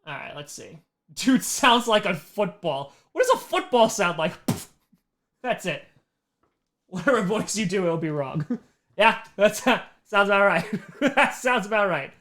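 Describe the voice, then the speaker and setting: A man, a comedian, reads fan questions aloud on a casual livestream and answers them with quick, self-mocking jokes and laughs. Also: high voice, very animated, a bit bright. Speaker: comedian hosting a fan Q&A stream.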